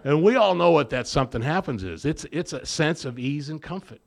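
A man's voice: on the high side, animated, a little fast, gravelly. A man speaking at a recovery meeting, telling his story to the group and acting out the voices in remembered conversations. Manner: storytelling that acts out both sides of remembered dialogue. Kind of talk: personal recovery talk to a group.

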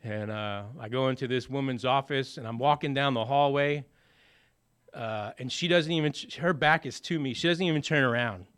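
A man's voice: mid-range voice, normal speed, a bit bright, smooth. A man telling his personal recovery story in a conversational way, with many fillers and acted-out bits of dialogue. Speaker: speaker sharing a recovery story.

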